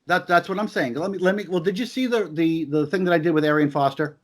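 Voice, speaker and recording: A man's voice: fairly high pitch, quick pace. A man in a heated conversational discussion, talking emphatically and repeating his points with stammered restarts.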